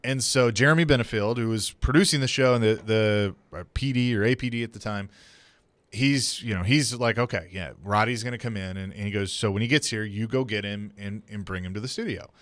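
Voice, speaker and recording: A man's voice: fairly low pitch, brisk, no room sound. A man co-hosting a radio show, telling a wrestling story in casual chat and acting out the quotes. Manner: animated storyteller, acts out quotes. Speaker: radio co-host and producer. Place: radio studio.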